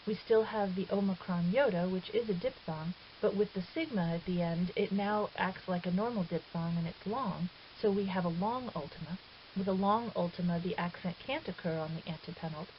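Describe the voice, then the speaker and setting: A woman's voice: on the low side, moderate pace. A woman teaching a recorded grammar lesson, explaining step by step in a patient, methodical way. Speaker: Greek teacher. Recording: dull lo-fi audio with faint hiss.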